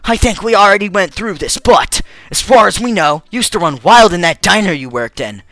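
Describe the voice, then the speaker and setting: A man voicing a calm, clinical robot assistant who speaks in a measured, deadpan way for a fan dub of a game. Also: high voice, dry recording, soft background music. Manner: measured, deadpan, matter-of-fact. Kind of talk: fan dub of a game's text.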